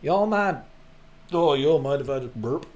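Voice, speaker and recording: A man's voice: on the high side, expressive, a little slow. A man voicing an earnest young woman council member, attempting a southern drawl that he cannot quite manage.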